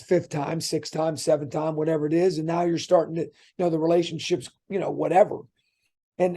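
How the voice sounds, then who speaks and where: Middle-aged male coach guest, chatty storyteller, pitched a bit high with a mellow tone. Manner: chatty, restarts often, lively anecdotes. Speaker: college basketball coach. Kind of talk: interview guest, rambling storytelling.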